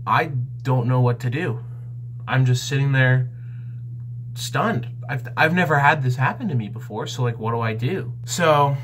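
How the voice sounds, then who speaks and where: Excitable young man telling a story. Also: slight background noise. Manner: animated, excitable, jumps in pitch. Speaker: vlogger. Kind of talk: comedic storytelling.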